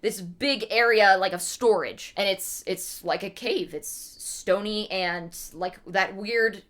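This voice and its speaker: A woman's voice: medium pitch, slow, a bit bright. A woman streamer reading a classic story on a livestream and explaining it in casual asides that are full of "like".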